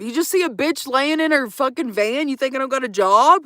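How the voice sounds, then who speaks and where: A woman's voice: high voice, animated, fairly quick, fairly bright tone, no room sound, clean studio sound. A young woman chatting casually and sassily on a livestream from her van, swearing and teasing her viewers. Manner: swearing, teasing, sassy, addresses viewers as y'all. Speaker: vanlife livestreamer.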